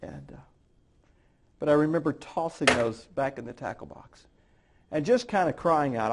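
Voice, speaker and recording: A middle-aged man with a gravelly, fry-edged voice shares a heartfelt personal story as a guest in a TV studio interview. His pitch sits in an ordinary middle range, and his telling is earnest and halting, full of small restarts. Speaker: guest, author and speaker. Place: television studio.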